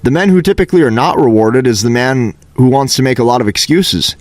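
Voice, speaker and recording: A man's voice: medium pitch, brisk, no room sound. A man giving a motivational dating-advice monologue, emphatic and repetitive, lecturing the listener.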